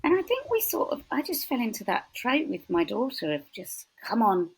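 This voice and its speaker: A woman in her forties, a podcast guest chatting casually, telling lively stories. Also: sits high, a little fast, breathy edge, rough recording. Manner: chatty, animated storytelling with quoted voices. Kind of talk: casual chat.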